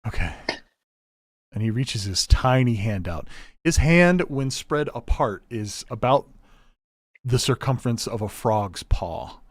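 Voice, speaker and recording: A man's voice: medium pitch, animated, measured pace, no room sound, studio quality. A man narrating a tabletop game as game master, loose and rambling with lots of fillers. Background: guitar music.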